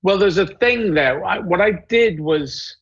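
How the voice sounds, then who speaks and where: A male comedian telling stories in a casual panel chat, rambling and halting as he goes. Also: high voice, expressive, fairly bright tone, husky, no echo, muffled recording.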